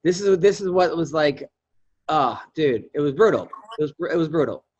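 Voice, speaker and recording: High-pitched guy rambling thru stories on a comedy podcast, kinda dull audio. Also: expressive, normal speed, darkish tone. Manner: rambling anecdotal storyteller. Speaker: podcast co-host. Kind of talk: casual comedy podcast chat.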